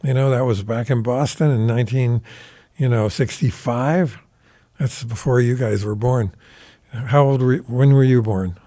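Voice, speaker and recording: Animated older man telling stories. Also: medium pitch, moderate pace. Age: 70s. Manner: animated, rambling, swears casually. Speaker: guest guitarist. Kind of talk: casual anecdotal storytelling. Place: recording studio.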